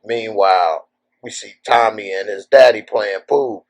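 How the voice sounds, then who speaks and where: A man with a somewhat low voice casually retelling a TV episode, as a reviewer recapping for his audience. He strings the events together loosely with "and so" and "uh". He drops briefly into the characters' lines as he goes. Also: fairly even intonation, a little slow, rough recording. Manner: loose storytelling full of "and so" and "uh", slipping into the characters' lines.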